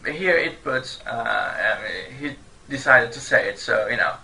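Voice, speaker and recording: Cheerful male online language teacher, native Turkish speaker, sharp bright voice at an average pitch, drills phrases with a laugh. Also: animated, vocal fry, poor audio. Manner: cheerful, laughs often, repeats phrases slowly for learners.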